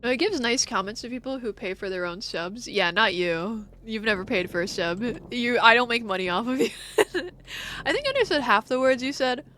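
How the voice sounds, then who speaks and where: A young woman chats casually over her gameplay stream with a voice that sits a little high. She giggles often, swears freely and teases her viewers. A faint hum of noise sits under her talk. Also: expressive, fairly quick, bright, forceful tone. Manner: giggly, profane, teasing toward chat.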